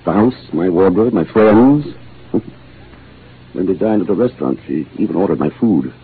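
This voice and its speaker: A meek professor with a sinister edge. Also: male voice, deep voice, lively intonation, normal speed, slightly rough, exaggerated voice. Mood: wistful. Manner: hesitant, soft-spoken, quietly menacing. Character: mild older botany professor, henpecked and sinister. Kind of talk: 1940s radio acting. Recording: tinny lo-fi old radio broadcast, faint hiss.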